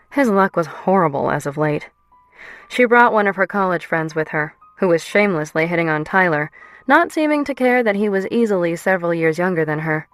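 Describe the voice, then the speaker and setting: Romance audiobook narrator, woman, lowish voice, steady read. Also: clear, resonant tone. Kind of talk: scripted narration.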